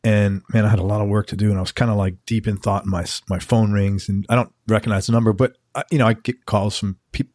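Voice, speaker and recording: A man's voice: on the low side, flat delivery, fast talker, few pauses, darkish tone, no echo. Chatty male host, dry close sound. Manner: chatty, anecdotal, laughs easily. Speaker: interview host. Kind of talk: casual interview chat.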